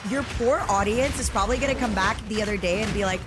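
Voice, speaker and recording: A woman's voice: mid-range voice, quick pace, over music. A woman streamer in casual chat, teasing and rambling playfully at a desk mic.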